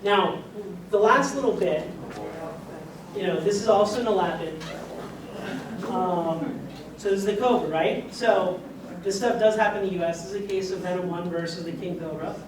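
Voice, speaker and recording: A doctor with a high-sitting voice talks at normal speed with long pauses, giving a conversational lecture in a lecture room and quizzing the live audience along the way. A far room mic captures him, so the sound is echoey and distant, with background noise.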